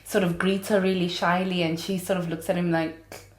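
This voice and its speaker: A low-pitched woman in her late twenties talks through a casual podcast monologue. She is a chatty, dramatic storyteller who laughs easily. Her voice rings around a roomy, echoey space. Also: flat delivery, normal speed. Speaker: podcast host.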